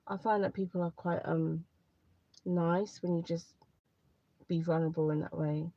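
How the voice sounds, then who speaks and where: A woman's voice: on the low side, fairly even intonation, a little slow, dark tone, no echo. A woman chatting candidly on a livestream, rambling a little and repeating herself as she gives advice. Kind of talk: casual live chat to viewers. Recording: dry, slightly dull lo-fi sound.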